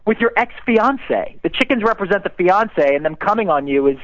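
A man calling in to a radio show, eager, explaining his reading in rushed restarts. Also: sits high, expressive, fairly bright tone, no echo. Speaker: caller. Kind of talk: phone-in call to a radio show. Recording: dry, muffled call on air.

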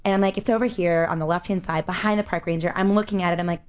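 A woman telling a story in casual chat, animated, with loose swearing and many fillers. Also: fairly low pitch, very fast, smooth. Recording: dull lo-fi audio.

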